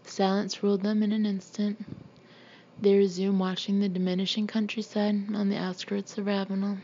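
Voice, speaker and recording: Woman narrator for a novel, mellow, steady read, slightly dull recording with faint hiss. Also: mid-range voice, moderate pace, breathy edge. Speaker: audiobook narrator. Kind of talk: scripted narration.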